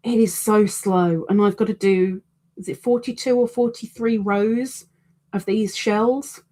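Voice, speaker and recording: A woman's voice: mid-range voice, steady tone, measured pace, dark tone. Woman, middle-aged, crochet live-stream host, casual chat, self-deprecating, rambling.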